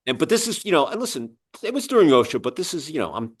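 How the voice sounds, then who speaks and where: A man in his sixties, a magazine publisher who hosts a business podcast, tells rambling, filler-heavy anecdotes in a casual storytelling interview. He talks fast in a fairly high, sing-song voice that's slightly rough.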